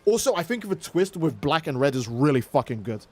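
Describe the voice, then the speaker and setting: A young man in casual livestream commentary, talking in an excitable, profane, rambling way. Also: fairly high pitch, fairly quick. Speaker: streamer.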